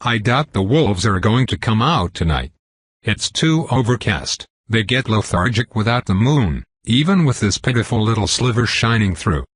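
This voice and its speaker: A man's voice: lowish voice, very animated, moderate pace, breathy edge, dry recording. A man voicing a weathered male wolf hunter in an audiobook, warning matter-of-factly about the enemy. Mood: calm.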